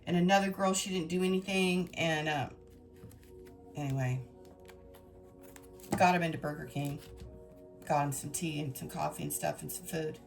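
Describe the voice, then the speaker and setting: A woman with a fairly low voice tells her viewers a story in an emotional, rambling way. She is a tarot reader talking straight to her audience, and faint music plays behind her. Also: steady tone, moderate pace, creaky, long pauses. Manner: emotional, rambling, dramatic retelling.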